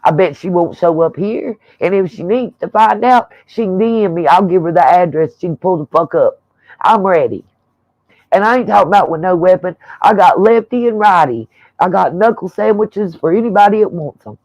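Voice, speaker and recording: A woman's voice: fairly low pitch, lively intonation, normal speed, darkish tone, no room sound. A woman hosting her own channel, ranting bluntly and with profanity in an irritated, fed-up way during a livestream commentary. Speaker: channel host. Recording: dull lo-fi dry sound.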